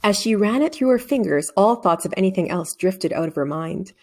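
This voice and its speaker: Woman reading a kids' book out loud, really expressive, pitch all over the place, does the voices. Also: brisk. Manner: expressive, with shifts into character voices. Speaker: reader. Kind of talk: children's book read-aloud.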